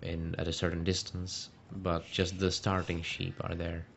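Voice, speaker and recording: A man giving measured, explanatory play-by-play on a strategy game match. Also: deep voice, monotone, creaky, fairly bright tone. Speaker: game caster. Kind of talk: casual esports commentary. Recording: lo-fi stream audio with faint noise.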